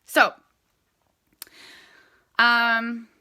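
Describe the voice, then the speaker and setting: Brief: bright, rambling woman, sales team leader talking straight to her viewers, voice sits a bit high. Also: completely flat delivery, very slow, smooth. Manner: chatty, rambling, addresses viewers directly. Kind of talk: casual live chat to viewers.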